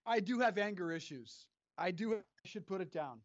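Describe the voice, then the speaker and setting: A man cracking dry, mock-serious jokes on a podcast from his home studio. His voice is high-pitched. The sound is very dry and dull, with a lo-fi edge. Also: animated, normal speed, no echo. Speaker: podcast co-host. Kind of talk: casual sports podcast banter.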